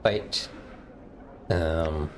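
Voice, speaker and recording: A bass-voiced man streams a role-playing game, reading the game text aloud and chatting casually with many hesitations. He talks very slowly, in let's-play commentary style. Game music plays, with slight background noise.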